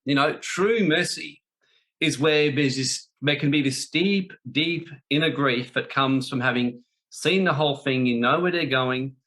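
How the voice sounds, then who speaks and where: Guy giving a spiritual talk, bright forceful voice, blunt and emphatic, says stuff twice for punch. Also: on the high side, normal speed. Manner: blunt, emphatic, repeats for stress. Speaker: spiritual teacher.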